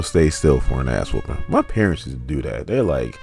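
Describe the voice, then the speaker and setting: A man's voice: very deep voice, sing-song, a little fast, creaky, a little mellow, soft background music. A man in his forties casually retelling a comic story, with laid-back joking asides. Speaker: comic book recap host.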